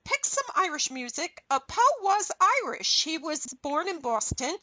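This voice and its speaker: A middle-aged woman hosting a radio show, talking in a rambling, chatty and animated way. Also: high-pitched, unhurried, dry recording. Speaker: radio host. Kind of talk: casual radio chat.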